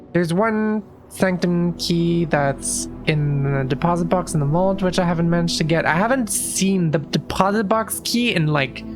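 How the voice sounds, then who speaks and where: A woman streaming a puzzle game, talking through her moves in loose, casual commentary and restarting her sentences often. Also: low-pitched. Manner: thinks aloud, restarts sentences, swears casually.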